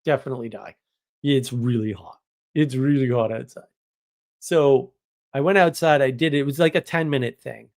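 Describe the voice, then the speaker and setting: A man's voice: mid-range voice, moderate pace, darkish tone. Chatty man hosting a casual live stream. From New England. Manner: chatty, rambling, jokey exaggeration. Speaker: live stream host reading chat.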